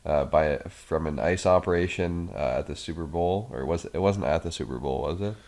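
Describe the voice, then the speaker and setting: A man's voice: extremely low pitch, a little fast, vocal fry, a little mellow. A man co-hosting a podcast, leading the topics in casual chat, with many fillers and some swearing. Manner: leads topics, filler-heavy, casual cursing. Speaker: podcast co-host.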